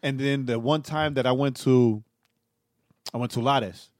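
A man's voice: mid-range voice, fairly even intonation, unhurried, darkish tone, no room sound, clean studio sound. A man co-hosting a podcast in casual chat, who laughs often and chimes in to agree. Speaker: podcast co-host.

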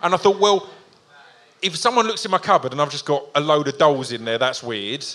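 Male host, comic storyteller, higher bright voice, laughs a lot. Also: brisk. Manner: jokey, laughs often. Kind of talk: casual comedic chat.

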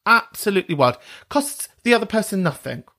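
A man's voice: sits high, fairly quick. British podcast host guy ranting and swearing, voice swings all over the place. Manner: sweary, animated, angry ranting with laughs. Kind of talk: casual monologue.

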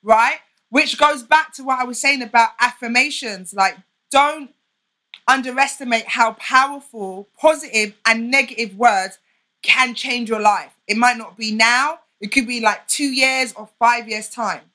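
A bright, fairly high-voiced young woman speaks as a podcast guest. She talks in an open, heartfelt and emphatic way. She gives candid answers in conversation. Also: measured pace.

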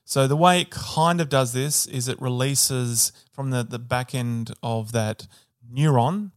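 A man with an everyday mid-range voice explains a science topic in relaxed conversation. He hedges with fillers, corrects himself as he goes, and slips in jokes. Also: mid-range voice, measured pace, no room sound, studio quality. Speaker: podcast co-host. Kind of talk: casual educational chat.

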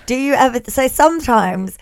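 A woman's voice: sits high, expressive, normal speed, no room sound, clean studio sound. A woman co-hosting a podcast in casual chat, giggly and blurting out crude jokes. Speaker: podcast co-host.

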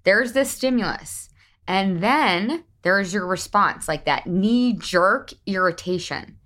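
A woman's voice: mid-range voice, expressive, takes it slowly, a bit bright. A woman in her thirties hosting a podcast, talking casually and laughing often as she speaks straight to her listeners. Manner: chatty, laughs often, addresses listeners as you guys. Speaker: podcast host.

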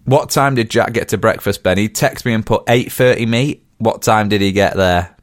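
A man's voice: on the low side, moderate pace, dry recording, studio quality. A man, rambling through a story in casual podcast chat. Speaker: podcast co-host.

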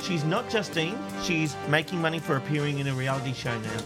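A high-pitched man hosting a chat show and reading out listener messages. He is jokey and laughs easily. Music plays clearly under his voice. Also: a little fast. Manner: jokey, laughs often, reads comments aloud. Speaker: co-host reading listener feedback. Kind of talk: casual chat show banter.

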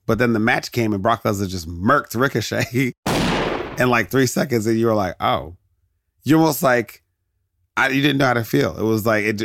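A man's voice: on the low side, fairly bright tone, no echo, clean studio sound. A man hosting a podcast, chatting casually and digressing into jokes, laughing often. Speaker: podcast host. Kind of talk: casual rambling commentary.

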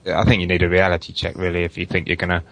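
A deep-voiced man giving his view as a football fan, in a flat, even delivery with lots of "you know"s. The sound is dry, with no room echo. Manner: measured, hedging, many fillers. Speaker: podcast guest, football fan. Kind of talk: casual football chat.

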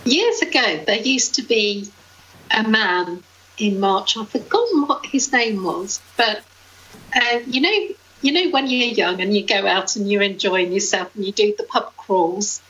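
A woman's voice: mid-range voice, a little slow, a bit bright, dull audio, slight background noise. A woman co-hosting a local podcast, chatting casually, telling anecdotes and laughing easily. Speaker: podcast co-host. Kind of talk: casual chat.

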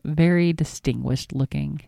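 A woman's voice: sits low, a little slow, creaky, dark tone, dry recording. A woman co-hosting a podcast in casual chat, a chatty, rambling storyteller who swears casually. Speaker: podcast co-host.

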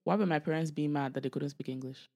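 Woman, 20s, from Canada, podcast co-host; a lively, profane storyteller who acts out her family. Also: low-pitched, fast. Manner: animated storytelling, swearing freely, acting out quoted family members. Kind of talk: casual chat.

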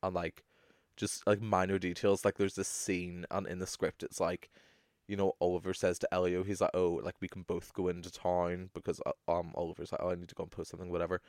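A young man co-hosting a podcast, talking in a chatty, animated way that is full of swearing. His voice sits fairly low, and the recording is dry and close. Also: a little fast, dry recording. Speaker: podcast co-host. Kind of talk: casual chat.

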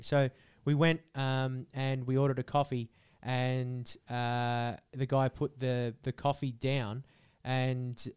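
A man's voice: medium pitch, darkish tone, clear, resonant tone. A young Australian man telling a rambling, sweary comic story as a podcast co-host. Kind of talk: casual comedic chat.

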